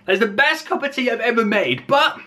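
A man's voice: very high-pitched, animated, fairly quick, bright, forceful tone, slight background noise. A man vlogging a playful cooking demo in his home kitchen, filming on a handheld phone and narrating each step with jokes. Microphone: handheld phone camera.

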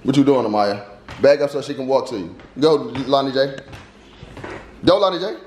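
A man's voice: medium pitch, a little fast, darkish tone, a little hiss or hum. A young man vlogging at home, playfully coaxing his baby to walk while chatting to viewers. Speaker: vlogger parent. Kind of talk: casual family vlog. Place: family home.

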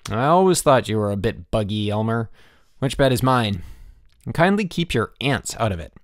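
A man's voice: on the low side, sing-song, moderate pace, no room sound, clean studio sound. A man doing a cocky, wisecracking schoolboy. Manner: wisecracking, bossy, sarcastic. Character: cocky, quick-witted schoolboy ringleader.

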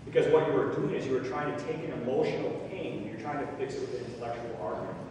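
A man, a pastor, preaching a sermon in an animated way, mimicking careless comforters and asking his congregation questions. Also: medium pitch, very fast, background noise. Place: church sanctuary. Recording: echoey church hall from far off.

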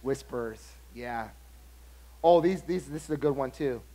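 A man pastor preaching a sermon, telling stories with lively acted-out dialogue. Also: medium pitch, unhurried. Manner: animated storytelling, acts out other people's lines.

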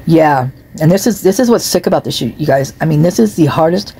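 A woman's voice: sits low, lively intonation, fairly quick, warm tone, husky. Chatty woman reading comments into her phone. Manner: chatty, reacts with disgust and laughs, talks to her cat. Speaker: true crime commentator. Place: home, seated in a chair.

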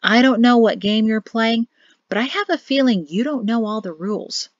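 A woman voicing a quiet, grave young man in an audiobook, speaking in soft, low, measured warnings. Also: no echo, close to an everyday voice. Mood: wry. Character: grim quiet young man, cryptic brother. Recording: dull lo-fi dry audio.

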